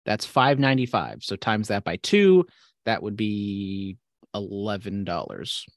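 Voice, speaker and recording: A man's voice: fairly low pitch, lively intonation, a little slow, no echo, clean studio sound. A man in casual chat, hesitant with many fillers and wry asides. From Spokane area.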